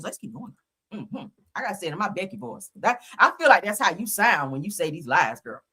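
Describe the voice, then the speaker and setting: A woman's voice: lowish voice, very animated, fairly quick, bright, forceful tone, slightly rough. A woman hosting a casual commentary show who talks straight to the viewer in a sassy way, throwing in "girl" and "honey.". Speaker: commentary host.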